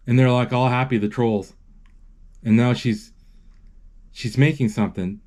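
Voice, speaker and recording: A man casually retelling a film as he watches it, halting often with restarts and fillers. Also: medium pitch, steady tone, darkish tone. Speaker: amateur narrator retelling a film.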